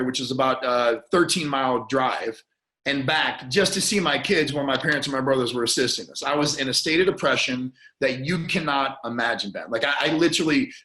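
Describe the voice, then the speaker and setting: In an echoey space, a man guesting on a podcast earnestly describes a painful personal experience. His medium-pitched voice sounds bright and forceful, though it falters through restarts and repeated words and sometimes catches as he gets choked up.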